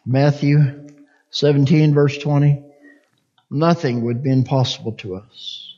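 High-voiced preacher man, unhurried and fervent. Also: fairly even intonation, muffled recording. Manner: preaching, swells into loud impassioned pleading prayer. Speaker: pastor. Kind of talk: sermon.

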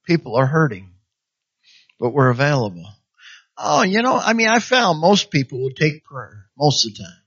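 Guy preaching a sermon, kinda high voice, lots of amens, muffled lo-fi recording. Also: big pitch swings, moderate pace, a bit bright. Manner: exhorting, calls for "amen" and "hallelujah", acts out quoted voices. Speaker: pastor. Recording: dull lo-fi sound.

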